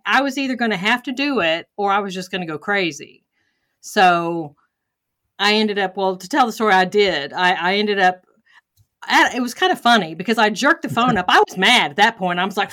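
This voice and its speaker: A woman's voice: a little high, bright, forceful tone. A woman hosting a faith podcast, sharing a candid personal story and acting out what she thought and said. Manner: candid, self-deprecating, acts out her own thoughts. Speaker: podcast host.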